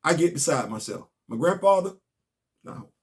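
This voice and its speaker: Guy hyping up a comic recap, kinda high voice, gets loud and animated. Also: moderate pace. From Southern US. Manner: animated, storytelling, rising to emphatic outbursts. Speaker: comic book podcast host.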